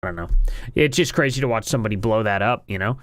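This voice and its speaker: A man's voice: fairly low pitch, fast talker, a bit bright, no room sound, clean studio sound. A man giving rambling, opinionated commentary in a casual style, often sounding incredulous. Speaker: online commentary streamer.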